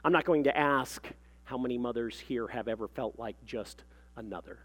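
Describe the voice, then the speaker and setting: A man's voice: mid-range voice, normal speed, a bit bright. A man preaching a sermon as pastor, speaking in an earnest, reflective way. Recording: reverberant hall sound.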